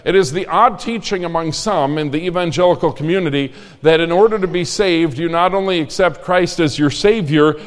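Male pastor, earnest sermon storyteller, slightly high voice, long church reverb. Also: fairly quick, hardly any pauses. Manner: earnest storytelling preacher, frank and emphatic.

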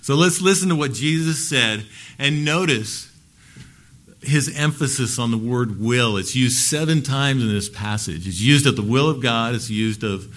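A man preaching a Sunday sermon in an earnest way, with a mid-pitched voice. He leans into key words and lets the ends of phrases fall quiet. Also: unhurried. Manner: earnest preaching, rising for emphasis and dropping soft at phrase ends. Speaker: pastor.

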